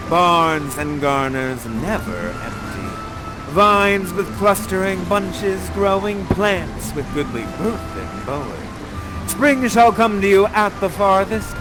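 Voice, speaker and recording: A man as a slow-chanting harvest goddess. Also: high-pitched, pitched above the performer's own voice, full character voice, low-quality recording. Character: stately harvest goddess giving slow blessings.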